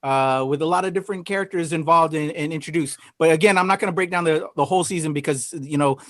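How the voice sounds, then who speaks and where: A man's voice: on the high side, fast, a bit bright, no room sound, studio quality. A man hosting a casual review podcast over a video call, chatty and loose with many fillers, laughing often. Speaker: podcast host.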